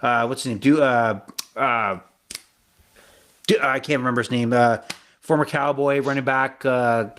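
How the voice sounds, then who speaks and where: A man's voice: mid-range voice, fairly even intonation, unhurried, pauses often, a bit bright. A man co-hosting a sports betting podcast, chatting casually and often fumbling for names with lots of fillers. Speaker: podcast co-host.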